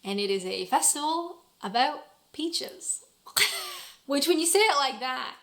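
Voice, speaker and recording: A woman's voice: high voice, lively intonation, slow, fairly bright tone. A woman narrating a travel vlog in a chatty, playfully humorous way. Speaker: travel vlogger.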